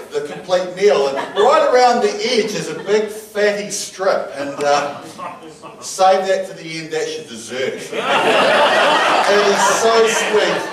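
A middle-aged man with a New Zealand accent preaching a sermon, telling jovial stories and laughing often. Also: high-pitched. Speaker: pastor. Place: church hall with congregation. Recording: echoey hall, mic from a distance.

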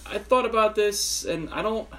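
A man with a mid-range voice chats on a podcast. He speaks in a relaxed, halting way. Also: sits high. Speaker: podcast co-host. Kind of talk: casual chat.

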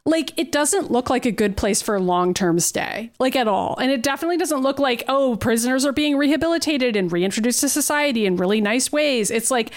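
A woman's voice: high-pitched, brisk, few pauses. A young adult woman co-hosting a podcast, recapping a cartoon episode in casual, incredulous chat full of "like". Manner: animated, incredulous, lots of "like". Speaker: podcast co-host.

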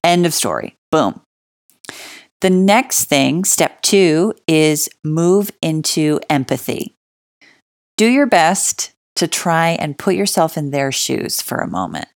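Low-voiced woman giving emphatic advice. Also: animated, slow pace, no room sound, studio quality. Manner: emphatic, stresses key words, acts out example dialogue; conversational fillers like "like" and "you know". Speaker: relationship advice speaker. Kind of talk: casual spoken advice.

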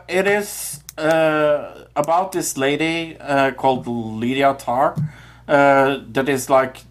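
A man co-hosting a movie review podcast, talking casually and haltingly with many fillers. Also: mid-range voice. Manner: halting, many "uh"s, enthusiastic about favorites. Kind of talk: casual chat.

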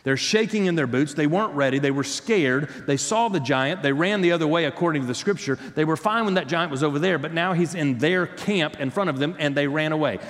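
A man's voice: on the high side, brisk, few pauses, a bit bright. A man preaching a sermon as pastor, emphatic, repeating words and restarting phrases. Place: church sanctuary. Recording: long hall reverb.

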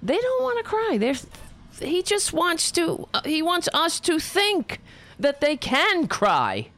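A woman's voice: very high voice, wildly swooping pitch, takes it slowly, fairly bright tone. A woman giving casual commentary in a sarcastic, mocking, emphatic way.

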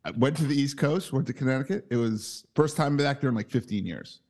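Guy in his 30s telling a story on a podcast, laughs a lot, swears, jumps way up in pitch doing quotes. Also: a little fast. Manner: animated, acts out quotes with big pitch jumps; laughs through his stories, swears freely. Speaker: podcast co-host. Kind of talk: casual storytelling chat.

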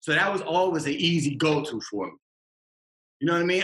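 A man's voice: fairly high pitch, lively intonation, fairly quick, fairly bright tone, reverberant. A man, a rapper talking as a podcast guest, passionate and emphatic with street slang. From Massachusetts. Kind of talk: casual podcast interview.

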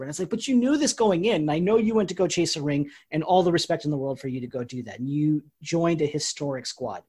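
A man talking sports on a casual podcast with a slightly husky voice that sits a touch higher than most men's. He rambles through his opinions with plenty of fillers, and his sentences often fade off quieter as they end. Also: lively intonation, fast talker, few pauses. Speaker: podcast co-host.

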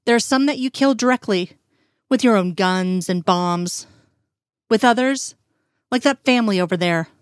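A woman's voice: mid-range voice, normal speed, long pauses, no room sound, clean studio sound, lightly acted. Bitter dead male agent, accusing and harsh; woman reader in her own voice.

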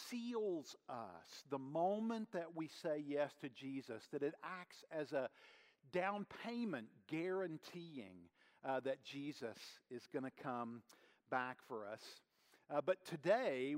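A man with a slightly high voice delivers a sermon as a pastor. He speaks earnestly and conversationally, filling pauses with little hesitations as he teaches. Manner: earnest, conversational preaching with frequent fillers.

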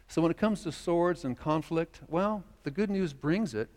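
A man's voice: on the high side, normal speed, a little mellow. Earnest male pastor in a reverberant church. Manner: earnest, acts out quoted dialogue. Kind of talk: sermon. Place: church sanctuary.

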